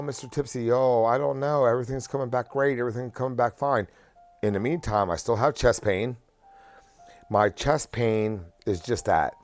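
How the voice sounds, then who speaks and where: A man in his forties telling a story in a blunt, profane, exasperated rant. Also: fairly low pitch. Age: 40s. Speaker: vlogger. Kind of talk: casual ranting story.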